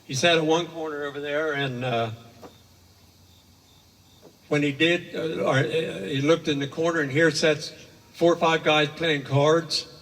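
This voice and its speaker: A man's voice: a little high, steady tone, unhurried, long pauses, fairly bright tone. An older man rambling through a folksy spoken story with homespun asides, heard from far off in an echoey hall. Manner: rambling, homespun, with many fillers.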